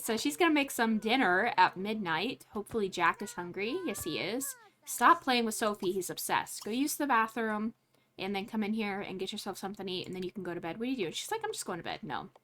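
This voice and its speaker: A woman's voice: medium pitch, animated, fairly quick, fairly bright tone. A woman giving casual let's play commentary, chatting and reacting aloud with frequent laughs and exclamations. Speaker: gaming channel host.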